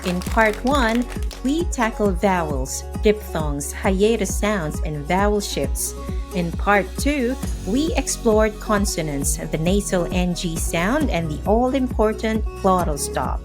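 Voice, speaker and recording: A woman hosting a scripted language lesson, upbeat and crisply enunciating, giving drill words slowly one at a time. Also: mid-range voice, animated. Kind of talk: scripted instructional narration. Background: faint background music.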